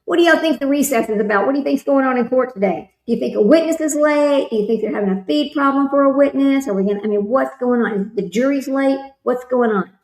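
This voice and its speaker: A chatty woman talks casually to her stream audience, wandering from one thought to the next. Her voice sits a little higher than most. The room around her has a noticeable echo. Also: fast, hardly any pauses, darkish tone. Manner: rambling, chatty, reads chat comments aloud. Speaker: livestream host commenting on a trial. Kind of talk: casual chat with live chat readers.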